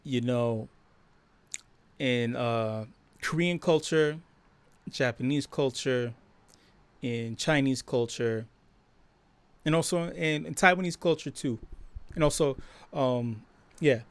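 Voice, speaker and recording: A man's voice: slow pace, long pauses, clear, resonant tone, dry recording. Profane laughing man with a dry close sound. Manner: profane, laughing, animated storytelling; acts out quoted voices louder and higher. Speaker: host. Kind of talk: casual live-stream talk.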